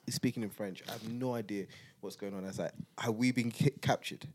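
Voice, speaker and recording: A man with a fairly low voice tells a travel story in a relaxed podcast chat. He laughs often and jumps up into other people's voices when he acts out their lines. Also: fairly quick, a little hiss or hum. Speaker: podcast host.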